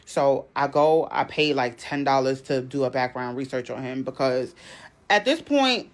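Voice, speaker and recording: A woman telling a personal story casually and dramatically, jumping into high outbursts when she quotes herself. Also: animated, normal speed.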